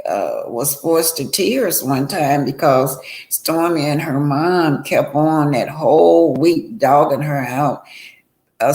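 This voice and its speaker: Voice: medium pitch, darkish tone, roomy sound. A livestream host chatting casually to viewers, often apologizing and calling them y'all. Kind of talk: casual commentary chat.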